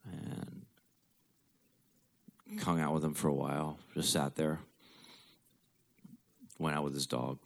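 A man with a very low, deep voice tells a personal story. He talks bluntly, swears freely and slips in dark jokes. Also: little pitch movement, slow pace, vocal fry, long pauses. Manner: blunt, profane, darkly joking.

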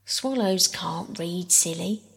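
A woman's voice: lowish voice, slow pace, vocal fry, in a large hall. A woman reading aloud, voicing a boastful, argumentative young boy in a scolding, know-it-all manner. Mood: arguing.

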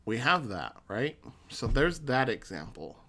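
A man with a bright, forceful voice speaks slowly and earnestly in a solo podcast monologue. He sounds like a counselor encouraging his listeners, and he often restarts his sentences. His pitch sits in the middle of the male range. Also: very animated.

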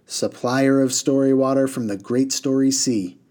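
A man's voice: medium pitch, fairly even intonation, normal speed, dark tone, natural voice. A man voicing a small, cross, blue-bearded male water genie who rattles off strings of stock phrases. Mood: pompous.

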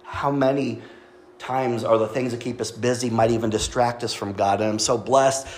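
A man's voice: medium pitch, steady tone, moderate pace, a little mellow, slight background noise. A man preaching a sermon as pastor, chatty and joking, with asides to the congregation. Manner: joking, conversational, with audience asides.

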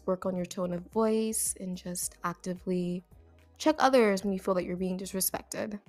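Young woman, podcast host, casual advice talk, chatty, lots of "like" fillers, mid-pitched voice. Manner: chatty, frequent "like" fillers, breaks into laughs.

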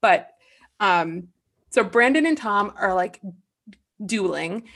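A young woman recapping a movie in casual chat, animated and playful, breaking into silly voices for the characters. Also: medium pitch, takes it slowly. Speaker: podcast co-host.

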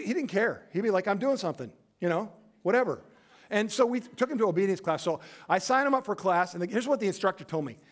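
A male pastor preaching a sermon in a storytelling way, acting out quoted voices and dropping to a quiet, low voice for emphasis.

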